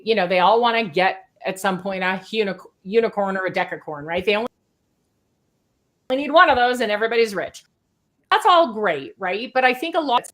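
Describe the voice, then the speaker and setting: A middle-aged woman consultant answering podcast interview questions in an energetic, fast way, often tagging her points with "right?". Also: medium pitch. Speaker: sales consultant guest.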